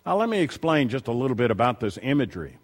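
A middle-aged man preaching a sermon, telling stories in a low voice and then rising loudly as he reads and exhorts. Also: very animated, fast. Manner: shifts from quiet storytelling to loud preaching.

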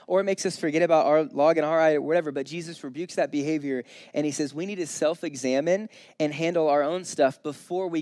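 A young man with a fairly high voice preaches in a relaxed, chatty way. He tells stories and briefly voices their characters. The sound is close and dry. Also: dry recording. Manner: casual, storytelling, voices the people in his stories. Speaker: pastor. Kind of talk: conversational sermon.

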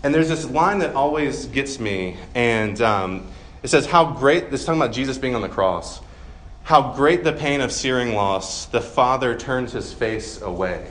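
A man's voice: mid-range voice, lively intonation, moderate pace, a bit bright. A man in his thirties preaching a sermon in a casual, conversational way, with self-deprecating humor and plenty of ums. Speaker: pastor.

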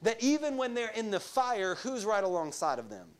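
A male pastor preaching a sermon, asking the congregation rhetorical questions and repeating key phrases for emphasis, sometimes dropping to a soft, quiet delivery. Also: high voice, very animated, normal speed.

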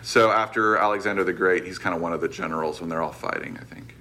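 A man's voice: low voice, fast talker, sharp tone, a little hiss or hum. A man teaching a casual Bible class, chatty and loose, correcting himself and laughing easily.

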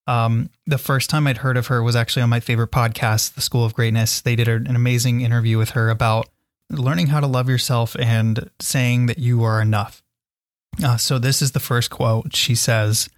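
A man's voice: mid-range voice, dry recording, studio quality. A man hosting a solo self-help podcast, talking earnestly and encouragingly to his listeners. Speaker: podcast host.

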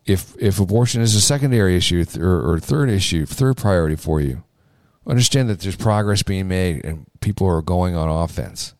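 A man's voice: low-pitched, lively intonation, normal speed, darkish tone, dry recording, clean studio sound. A man hosting a political podcast, talking off the cuff with fillers, restarts and emphatic repeated phrases. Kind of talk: casual political commentary.

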